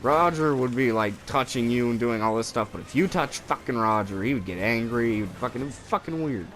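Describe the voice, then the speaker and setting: A man's voice: medium pitch, a little fast, a little hiss or hum. A young man casually telling stories while playing a video game, swearing a lot and rambling. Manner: profane, rambling, animated storytelling with raised voices for quotes. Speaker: co-host of a gaming video. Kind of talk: casual storytelling while gaming.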